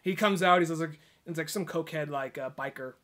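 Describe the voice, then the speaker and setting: Young male podcast host, high and bright voice, animated casual storyteller. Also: brisk. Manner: animated storyteller, acts out game characters' lines. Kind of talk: casual chat.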